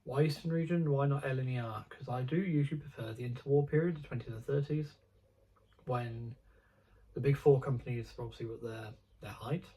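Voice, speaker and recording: Chatty man with a husky voice. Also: mid-range voice, brisk, dark tone, rough recording. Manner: chatty, digressive, frequent ums and restarts. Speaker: model railway hobby vlogger. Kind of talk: casual rambling chat.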